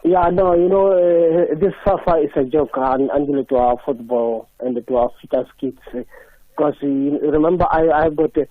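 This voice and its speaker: A South African man calling in to a radio show, speaking haltingly with many fillers. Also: fairly high pitch, no room sound. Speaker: caller. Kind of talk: radio call-in. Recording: tinny phone line.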